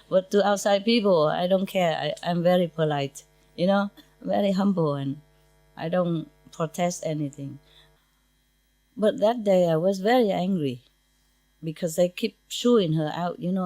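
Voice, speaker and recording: A woman's voice: fairly low pitch, a little mellow, dry recording. A woman spiritual teacher speaking informally to her disciples in simple non-native English, often breaking into laughter.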